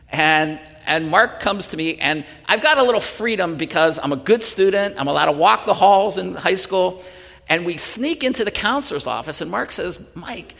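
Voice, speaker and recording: A man delivers a sermon in an animated, storytelling way, often chuckling and restarting his sentences. His voice sits fairly high, bright and gravelly. It rings out with the long reverb of a hall. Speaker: pastor.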